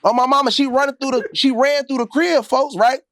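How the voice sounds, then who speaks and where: A man as an interview guest, telling a story in slangy, animated talk and acting out quotes in high voices. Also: brisk, no room sound. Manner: gets loud and heated late in the telling.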